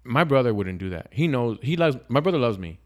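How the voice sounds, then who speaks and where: A man's voice: mid-range voice, very animated, a little fast. A man telling a personal story as a podcast guest, casual and profane, with lots of restarts. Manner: profane, rambling, with frequent restarts.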